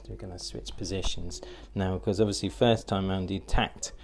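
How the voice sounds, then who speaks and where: A man's voice: low voice, fairly even intonation, fairly quick, vocal fry, darkish tone. A man narrating a solo board game playthrough, thinking aloud and hesitating with fillers as he works out each move.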